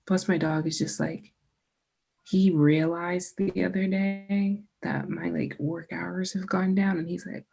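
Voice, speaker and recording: A young woman on a podcast as a guest, chatting casually and telling animated stories full of swearing. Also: on the low side, slow pace, gravelly, husky. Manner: animated, profane storyteller. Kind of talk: casual chat.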